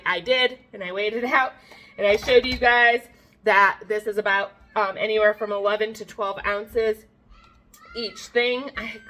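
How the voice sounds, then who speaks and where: Cooking in her home kitchen, a homestead vlogger in her thirties talks casually to the camera in a cook-along and laughs at her own mistakes. Her voice is medium in pitch, pushed and bright.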